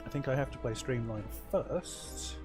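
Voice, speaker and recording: A man's voice: mid-range voice, animated, a little slow. Wry man thinking aloud over a card game. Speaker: let's play host. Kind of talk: casual gameplay commentary. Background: faint game music.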